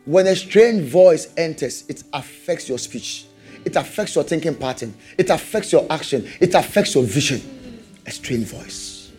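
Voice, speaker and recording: A man's voice: fairly high pitch, lively intonation, unhurried, darkish tone, soft background music. A man preaching a sermon, calling for amens and hammering out repeated questions. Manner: call-and-response, rising to emphatic repeated questions.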